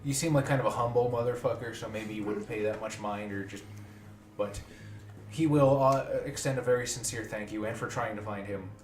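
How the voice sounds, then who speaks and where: A man's voice: fairly low pitch, fairly quick, darkish tone, far from the mic. A man narrating as game master, casual and a bit profane. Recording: roomy echo with faint music.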